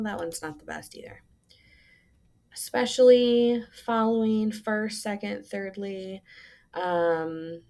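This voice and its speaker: A woman's voice: mid-range voice, a little mellow. A woman teacher giving a recorded lesson to students, patient and instructive, with frequent "um" fillers.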